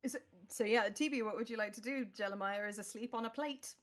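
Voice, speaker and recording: A woman narrating as the game master of a tabletop role-play, describing the scene in measured detail. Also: on the high side. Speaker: dungeon master.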